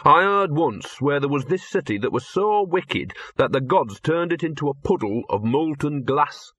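A scruffy streetwise talking dog from a storybook, put on by a male narrator, with a husky, drawling, sardonic working-class way of talking. He sounds dry and close, his grumbling voice raised a little above the narrator's own. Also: a little high, animated, moderate pace, fairly bright tone, dry recording. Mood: wry.

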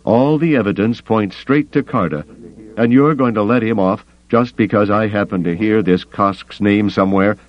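A man's voice: fairly low pitch, moderate pace, muffled recording, voice pushed up, natural voice. A man voicing a cornered male traitor, blustering and menacing, in a raised, tense voice. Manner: tense, snarling.

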